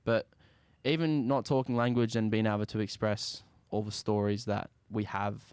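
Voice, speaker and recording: A young Australian man, a musician guest, talking casually in an interview in a laid-back, soft-spoken way that often trails off. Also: lowish voice, little pitch movement, normal speed, smooth, dry recording.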